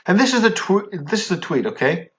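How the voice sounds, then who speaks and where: A fan commentary vlogger rants angrily at his viewers, heated and indignant, tagging his points with "okay?" and stumbling, repeating, and restarting as he gets worked up. His high-pitched voice is sing-song, brisk, and fairly bright, with the highs cut off.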